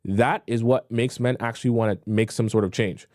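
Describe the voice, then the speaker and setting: A man's voice: medium pitch, fairly even intonation, normal speed, darkish tone, no echo, studio quality. A young man hosting a live-stream dating advice show, reading viewer questions and answering them bluntly in a casual, repetitive way. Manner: blunt, repetitive, conversational, acts out pleading voices mockingly.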